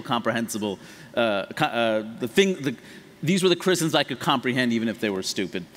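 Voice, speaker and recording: A man in his late thirties from the United States giving an animated, profane, emphatic comedic talk on stage. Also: mid-range voice. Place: large hall on stage. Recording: echoey hall.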